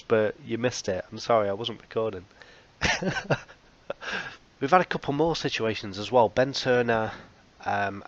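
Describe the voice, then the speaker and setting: A man's voice: on the low side, fairly bright tone, lo-fi sound. A man hosting a football management let's play, recapping results in a casual, wry, self-mocking way. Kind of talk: casual game commentary.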